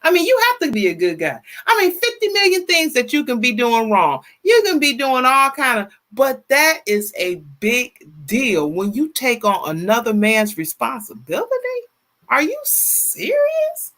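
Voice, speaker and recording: Chatty woman livestream host. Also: a little high. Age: 50s. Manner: lively and chatty, greets viewers by name, repeats herself; colloquial, drawn-out phrasing. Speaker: livestream talk show host. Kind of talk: casual livestream chat, reading viewer comments.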